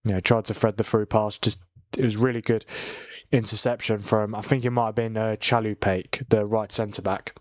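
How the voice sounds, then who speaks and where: A man's voice: on the low side, flat delivery, normal speed, dry recording, studio quality. A tired young man hosting a live football watchalong, chatting casually and yawning between restarts. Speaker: watchalong host.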